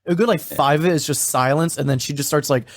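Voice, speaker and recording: Eager, higher-voiced man chatting casually. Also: dry recording. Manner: eager, chatty, retells scenes in a quick rush. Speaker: podcast co-host. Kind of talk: casual chat.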